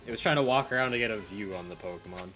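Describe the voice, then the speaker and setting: A man's voice: fairly low pitch, rapid-fire, a bit bright, soft background music. A man streaming a game in casual chat, swearing and answering dryly and defensively.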